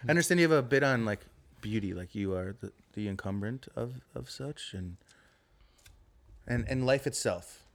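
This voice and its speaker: A man's voice: medium pitch, expressive, normal speed, gravelly. A man hosting a casual talk show interview, laughing often and restarting his sentences. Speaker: host.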